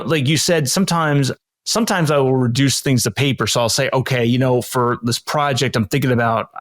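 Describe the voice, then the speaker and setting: A man's voice: mid-range voice, no room sound, clean studio sound. A man co-hosting a podcast in a casual chat, thinking aloud with lots of fillers. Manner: thinking aloud, frequent "you know" and "like". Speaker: podcast co-host.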